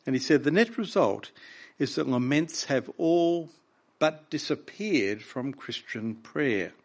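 Lively male preacher. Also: medium pitch, takes it slowly. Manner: impassioned, reads scripture with raw emotion. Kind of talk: sermon.

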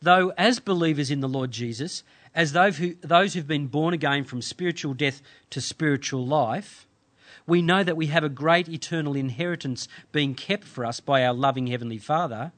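A man preaching a sermon, reading scripture in measured, earnest phrases with deliberate pauses. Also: fairly high pitch, a bit bright. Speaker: pastor.

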